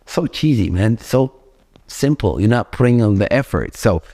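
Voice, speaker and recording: Speaking at normal speed with lively intonation, a young English teacher whose first language isn't English gives a relaxed, talkative lesson, often putting questions to viewers. He has an Ethiopian accent and a mellow voice on the low side.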